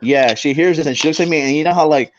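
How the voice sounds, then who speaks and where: A man's voice: fairly high pitch, quick pace, muffled recording, very noisy. A man, a paranormal investigator, telling a story on a talk show, with lots of restarts. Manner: animated storyteller with many restarts.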